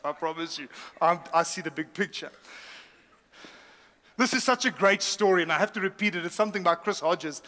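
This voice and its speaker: A middle-aged pastor delivers a humorous sermon, telling lively stories full of laughs and asides. His voice sits high and echoes in a large hall.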